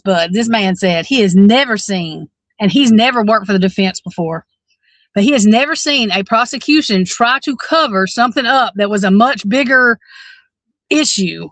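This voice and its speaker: A woman's voice: medium pitch, no room sound. A woman, co-hosting a true-crime podcast in a blunt, fired-up way, swearing freely and restarting her sentences. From Alabama. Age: 40s. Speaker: podcast co-host. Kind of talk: casual true-crime discussion.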